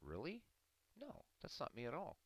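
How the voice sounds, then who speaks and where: A man's voice: on the high side, wildly swooping pitch, normal speed, fairly bright tone, breathy edge, dry recording, poor audio. A man hosting a live stream, earnestly arguing his views and answering viewers in chat by name. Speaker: livestream host talking to chat. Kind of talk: casual live-stream commentary.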